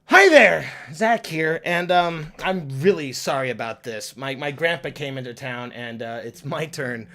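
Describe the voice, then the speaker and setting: A man's voice: mid-range voice, normal speed, few pauses. A man giving a comedic game review as a YouTuber, sarcastic and exasperated.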